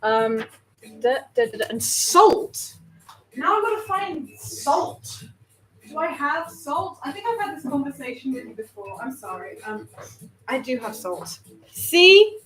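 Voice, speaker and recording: A woman chats her way through baking, her voice sitting high as she frets and jokes at herself. She sounds nervous and overheated, and a steady noise runs behind her in the home kitchen. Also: unhurried, low-quality recording. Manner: chatty, flustered, self-mocking, talks to viewers. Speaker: vlogger baking on stream. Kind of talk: casual chat while cooking.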